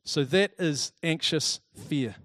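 A man giving a talk to a live audience, lively and chatty, telling personal stories and acting out the people in them. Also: fairly high pitch, takes it slowly, dry recording, clean studio sound. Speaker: speaker presenting to a group.

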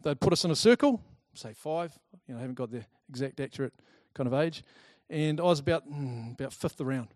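A man giving a talk to a live audience, lively and chatty, telling personal stories and acting out the people in them. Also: medium pitch, fairly quick, hardly any pauses, dry recording, clean studio sound. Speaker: speaker presenting to a group.

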